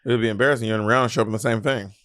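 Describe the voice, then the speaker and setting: A man's voice: lowish voice, steady tone, racing, fairly bright tone, no room sound, studio quality. A young man co-hosting a podcast, talking in a teasing, bantering way. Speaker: podcast co-host. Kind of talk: casual chat.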